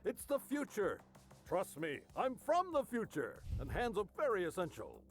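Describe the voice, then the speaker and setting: A man voicing a chaotic tabletop player who is goofy and defiant in an animated skit. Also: high voice, normal speed, husky, soft background music, exaggerated voice.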